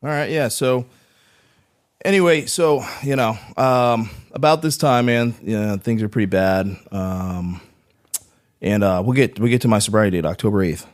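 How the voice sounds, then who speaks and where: A veteran guesting on a podcast tells his own story in a casual, profane, rambling way, often ending sentences with "right?". His voice is medium-pitched and he speaks at a normal speed.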